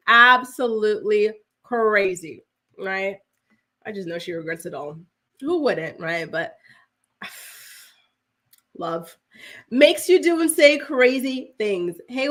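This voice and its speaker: Hosting a live celebrity gossip show, a woman reads viewer comments aloud and chats casually, with heavy use of "like". Her mid-range voice is a bit bright.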